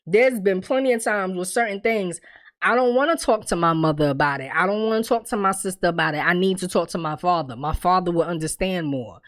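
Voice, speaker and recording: Lively, candid woman recapping a show. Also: medium pitch. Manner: animated storytelling, acts out characters' lines; candid, swears freely. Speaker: TV recap reviewer. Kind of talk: casual recap commentary.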